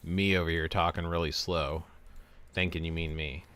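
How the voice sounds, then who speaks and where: Male streamer, forties, very low voice, relaxed and chatty, talks through gameplay. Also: normal speed. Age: 40s. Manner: relaxed, chatty, explains game steps while answering chat. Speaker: game streamer. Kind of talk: casual livestream chat.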